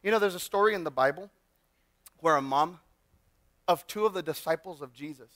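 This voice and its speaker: A male pastor giving a sermon in a church, telling personal stories in an animated way and often restarting his sentences. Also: fairly high pitch, brisk, dry recording. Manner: animated storyteller with frequent restarts. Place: church sanctuary.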